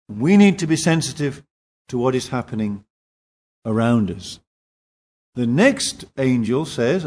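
A man preaching a sermon at a church in Singapore, slow and emphatic. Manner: slow, emphatic preaching with lively pitch swings.

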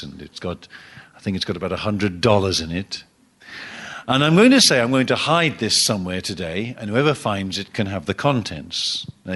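A man preaching a sermon, swinging between emphatic rising exhortation and quiet, low asides.

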